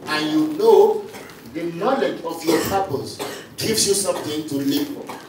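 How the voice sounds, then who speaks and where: Man preaching, high voice, call-and-response, very echoey hall, distant mic, faint hiss. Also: measured pace, a little mellow. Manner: call-and-response preaching, repeats lines for the congregation. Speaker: pastor. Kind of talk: sermon.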